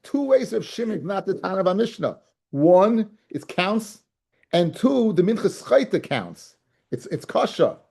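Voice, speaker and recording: A man with a high-pitched, sing-song voice, creaky, darkish, and slightly rough, teaches a Talmud class at an unhurried pace. He often checks that his guys and fellas are following, repeating key phrases and restarting to drive his points home.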